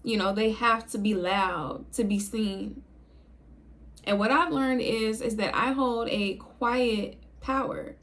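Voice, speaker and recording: A young woman talking to her viewers in a low, calm, unhurried way, casual and reflective. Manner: low, calm, chill delivery. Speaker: video creator. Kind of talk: casual talk to camera.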